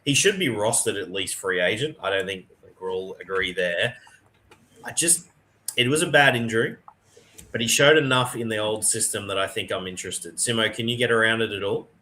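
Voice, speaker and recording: A man's voice: on the low side, brisk, pushed and bright, slight background noise. A man hosting a casual sports podcast, chatty and matey as he gives his analysis. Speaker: podcast host.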